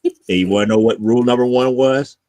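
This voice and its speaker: A man's voice: mid-range voice, steady tone, quick pace, a little mellow. A man co-hosting a casual chat, telling stories and acting out what people said, often stumbling over repeated words. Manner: storytelling, repeats words, acts out quotes. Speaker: co-host.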